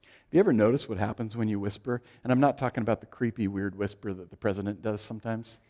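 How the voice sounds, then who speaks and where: A man preaching a sermon, swinging from loud, emphatic lines to hushed, quiet ones. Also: lowish voice, steady tone, quick pace. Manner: dynamic, shifting from loud to hushed. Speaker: pastor.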